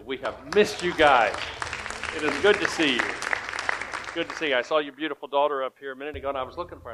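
A man's voice: medium pitch, noisy background. A man preaching and making announcements as pastor, talking in a folksy way with frequent restarts and asides. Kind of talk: sermon with church announcements. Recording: dull lo-fi church recording.

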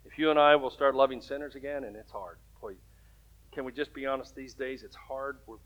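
A man's voice: mid-range voice, a little fast, a bit bright, dull audio. A man preaching a sermon as pastor, telling stories in a conversational way and rising to emphatic points.

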